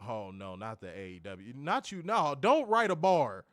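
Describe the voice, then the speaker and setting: Male co-host, raucous and cussing, laughs through his lines; animated voice, dry booth sound. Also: moderate pace, dry recording. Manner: loud, profane, laughing often, swoops high when amused. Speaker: podcast co-host. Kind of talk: casual review chat.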